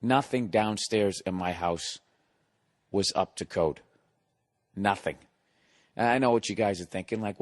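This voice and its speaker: A man's voice: lowish voice, unhurried. Man ranting profanely on a podcast. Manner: exasperated, sarcastic. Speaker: comedian, podcast host. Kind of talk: casual monologue.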